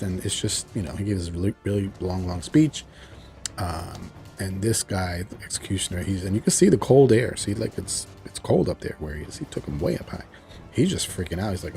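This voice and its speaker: Lower-pitched guy, warm mellow tone, enthusiastic rambling show recap over faint music. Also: a little fast. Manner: enthusiastic, rambling storytelling with frequent "like" and "you know". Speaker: TV show reviewer. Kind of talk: casual recap of a TV episode.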